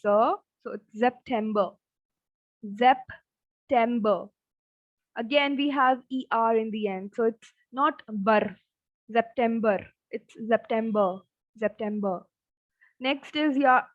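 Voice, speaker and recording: A woman teaching a German lesson, speaking slowly and repeating each word several times. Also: on the high side, no echo. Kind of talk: online language lesson. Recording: dull, dry lo-fi sound.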